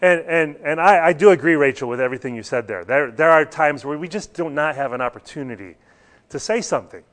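A man's voice: on the high side, a little fast, fairly bright tone. A man teaching a church Bible class, talking earnestly and putting questions to his students.

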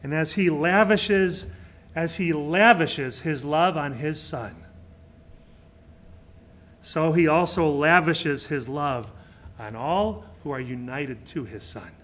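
A middle-aged male pastor preaching a sermon, swinging between loud emphatic peaks and quiet, soft passages. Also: a little high, slow.

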